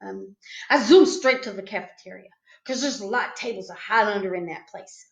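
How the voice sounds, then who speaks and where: A woman's voice: medium pitch, brisk, gravelly. A woman reading a children's book aloud with a playful storytelling manner. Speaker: storytime reader. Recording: echoey room, slightly dull sound.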